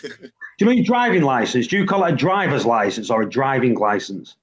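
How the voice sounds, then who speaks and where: A man's voice: medium pitch, lively intonation, moderate pace, breathy edge, poor audio. A British man hosting a casual group chat, reading out lists of word pairs. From Britain. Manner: reads out lists of word pairs, laughs often.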